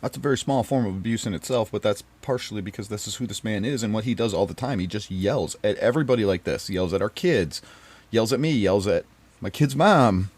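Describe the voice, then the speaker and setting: A man telling a personal story to camera in an emotional, emphatic and pleading way, swinging between loud and quiet. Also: on the low side, a little fast, husky.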